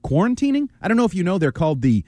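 A man's voice: high-pitched, big pitch swings, racing, darkish tone, dry recording. A man co-hosting a sports radio show, trading wry, sarcastic remarks in casual banter.

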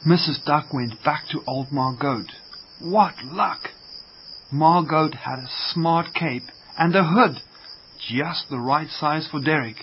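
Man slowly reading a children's story. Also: fairly high pitch. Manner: slow, gentle read-aloud. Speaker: radio storyteller. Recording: muffled lo-fi radio, faint hiss.

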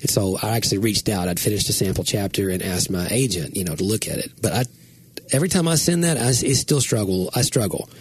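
A man's voice: fairly low pitch, animated, fast, slightly rough, no room sound. A man co-hosting a podcast, telling a rambling, self-deprecating story in casual chat. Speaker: podcast co-host and writer.

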